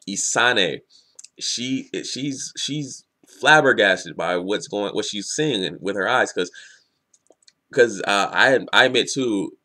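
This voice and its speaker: A young manga reviewer casually goes over a comic chapter, rambling and excitable, swearing and laughing often. His voice is fairly low in pitch.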